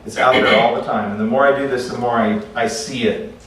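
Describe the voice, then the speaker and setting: A man teaching a class in a relaxed, conversational way, telling stories and often restarting his sentences. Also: mid-range voice, fairly quick. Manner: conversational, repeats words when restarting. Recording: echoey room, far from mic, faint noise.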